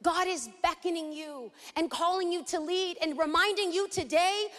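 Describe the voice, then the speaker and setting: A high-pitched woman from East Los Angeles delivers a sermon with theatrical flair, acting out little scenes as she teaches. Her voice rings with a long reverb from a large hall. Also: normal speed. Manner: dramatic and animated, acts out scenes. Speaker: Bible teacher.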